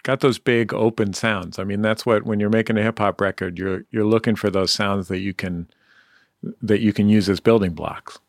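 A man's voice: on the low side, steady tone, normal speed, dry recording, studio quality. Enthusiastic male interview host. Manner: enthusiastic, hums out the music. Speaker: radio host. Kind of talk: interview hosting.

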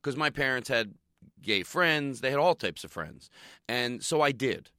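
A middle-aged male comedian giving a candid interview, animated and self-deprecating, laughing often. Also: medium pitch, unhurried, dry recording, clean studio sound. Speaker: comedian guest.

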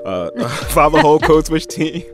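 A man's voice: fairly high pitch, very animated, normal speed. A man co-hosting a public radio podcast, reading credits and signing off casually. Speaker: podcast co-host. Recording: music playing under voice.

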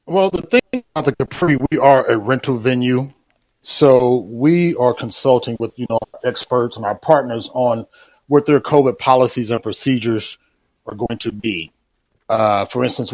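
A man with a mid-pitched voice speaks on a radio show in a dry, close sound. He explains things in a steady, measured way, like a venue manager laying out plans. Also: dry recording, rough recording. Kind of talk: radio interview answer.

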